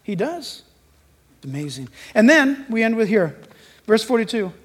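A man's voice: high voice, a little slow, breathy edge, in a large hall. A pastor preaching a sermon to his church, telling stories and acting out voices along the way. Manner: animated storytelling, acting out voices.

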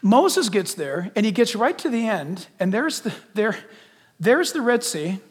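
A man preaching a sermon in an animated way, dropping to a hush and then rising to shouts. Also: high-pitched, unhurried, faint music behind. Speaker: pastor. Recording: long hall reverb.

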